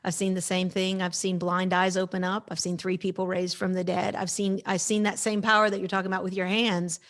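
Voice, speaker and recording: A woman's voice: on the low side, level tone, fairly quick, a bit bright. A woman in her fifties, an interview guest telling a faith story with energy and emphasis, acting out the lines of people in it. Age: 50s. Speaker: guest speaker.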